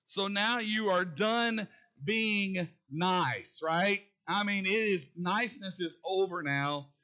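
A man's voice: high-pitched, takes it slowly, bright, forceful tone, highs cut off. A male pastor preaching a sermon, calling out questions to the congregation. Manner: calls out to the congregation with call-and-response questions.

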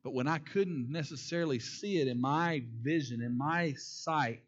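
A male pastor preaching with a high, bright voice, repeating his key phrases and calling questions out to the congregation. The recording sounds dull and lo-fi. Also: animated, normal speed, hardly any pauses. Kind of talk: sermon.

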